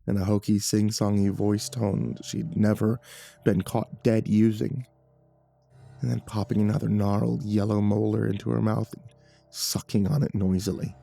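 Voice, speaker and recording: Low, mellow-voiced male horror narrator. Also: fairly even intonation, gravelly, dry recording. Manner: measured and dramatic, with nervous stammered repeats. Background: faint background music.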